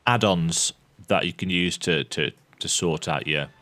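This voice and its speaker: Deep and sharp-toned, this man speaks at a measured pace while playing a video game. It's casual let's-play commentary, full of thinking aloud and reading the game text.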